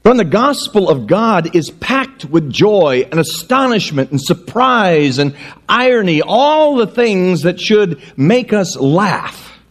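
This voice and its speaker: Male preacher, animated sermon, self-mocking humor, somewhat high voice. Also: slow. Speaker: pastor. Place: church before a congregation.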